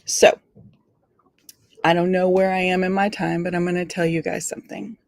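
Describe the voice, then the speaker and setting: A woman's voice: lowish voice, level tone, normal speed, darkish tone, dry recording. A woman giving an earnest motivational talk on leadership, stressing key words and drawing them out. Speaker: leadership speaker. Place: studio.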